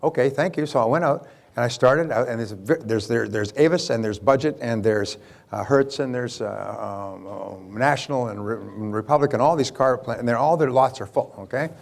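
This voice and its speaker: A man's voice: mid-range voice, normal speed, vocal fry. Man telling a seminar story. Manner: lively storyteller, frequent restarts. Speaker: business speaker and sales coach. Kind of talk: seminar talk with anecdotes.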